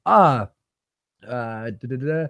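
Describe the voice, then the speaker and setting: Animated, profane male livestream host. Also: mid-range voice, slow pace, creaky, dry recording. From Canada. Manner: profane, laughs loudly, reads viewer messages aloud. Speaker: livestream host reading donations. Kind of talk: casual livestream chat.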